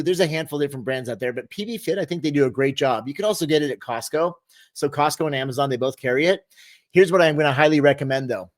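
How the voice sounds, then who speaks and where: A middle-aged man, a fitness coach, hosts a live Q&A, reading viewer comments in an upbeat, encouraging way with many restarts. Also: fairly high pitch.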